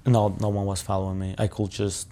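A man's voice: low voice, monotone, a little fast, dark tone. A male journalist recounting a personal ordeal in an interview, talking casually with lots of fillers and swearing.

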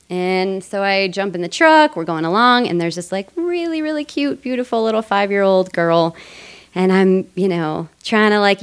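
A woman's voice: medium pitch, smooth. A woman from Colorado telling a personal story on stage, chatty and casual, laughing often. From Colorado, USA. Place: theater stage before a live audience.

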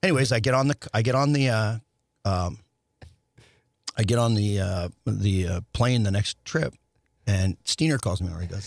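A man's voice: on the low side, animated, a little fast, dry recording. A middle-aged man, a former hockey player, telling long stories in a casual chat, restarting sentences often and acting out dialogue. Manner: rambling with many restarts, acts out quoted dialogue.

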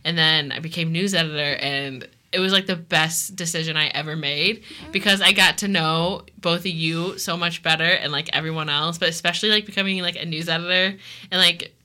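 A woman's voice: lowish voice, a little fast. A young woman in college, a student news editor, chatting casually and rambling animatedly with friends on a podcast. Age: young adult. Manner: animated, rambling, laughs often. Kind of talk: casual chat among friends.

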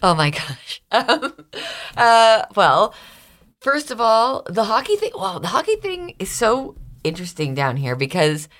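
A woman's voice: medium pitch, very animated, unhurried, a bit bright. A woman with a Canadian accent, a radio host giving an interview in a chatty, rambling way, laughing often and filling her talk with "like". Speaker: radio host, here the guest. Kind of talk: casual interview chat.

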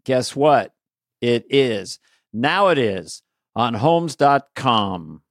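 A male podcast co-host with a middle-pitched voice and an upbeat, salesy delivery. The recording is dry and close. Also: animated, extremely slow, a bit bright, no room sound. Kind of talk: casual chat and ad read.

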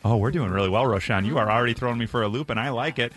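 A man hosting a morning radio show, effusive and quick to laugh as he chats with callers. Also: mid-range voice, fairly bright tone. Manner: bubbly, effusive, laughs often.

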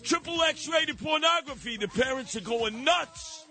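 A man's voice: very high-pitched, lively intonation, unhurried, sharp tone, soft background music. A man hosting a call-in radio show, ranting with sarcastic rhetorical questions and acting out the people he mocks. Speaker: radio talk show host. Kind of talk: call-in talk radio monologue.

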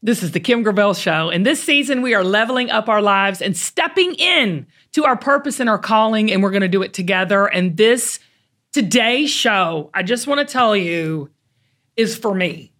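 A middle-aged Southern woman with a Southern American accent, hosting a talk show in chatty, animated storytelling. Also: medium pitch, normal speed. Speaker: host. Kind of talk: casual chat.

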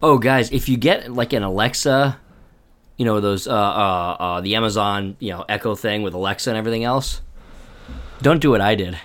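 A man's voice: fairly low pitch, normal speed, a bit bright. A man co-hosting a casual podcast chat, throwing in crude jokes. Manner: joking, crude asides. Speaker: podcast co-host.

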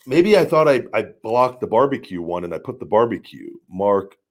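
Deep-voiced blunt rambling man. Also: sing-song, moderate pace. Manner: rambling, blunt, swears freely. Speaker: show host. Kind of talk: casual live-stream talk.

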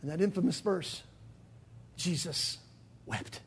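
A male pastor delivering a dramatic sermon in a church, swinging from shouted lines to near whispers. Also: sits high, takes it slowly, a little hiss or hum. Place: church sanctuary.

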